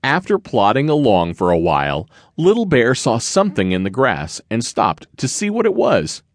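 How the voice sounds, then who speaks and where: A man reads a children's storybook aloud, gentle and expressive, his pitch rising and falling in a lively way. The recording is dry and close, with no room sound around it. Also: moderate pace, no echo. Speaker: audiobook narrator.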